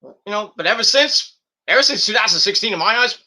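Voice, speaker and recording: A young man hosting a wrestling review channel, ranting hotly and swearing as he goes. His voice sits high and rings very bright and edgy. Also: expressive, fairly quick. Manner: profane, heated ranting.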